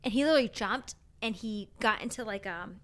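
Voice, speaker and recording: A woman's voice: on the high side, fairly quick. A woman on a comics podcast, chatting casually and animatedly with many fillers. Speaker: podcast co-host. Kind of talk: casual chat.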